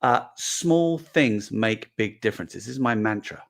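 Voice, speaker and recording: Host role for a chatty man, lowish voice, animated storyteller. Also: a little slow, creaky. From England. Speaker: toy collecting show host. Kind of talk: casual monologue to camera.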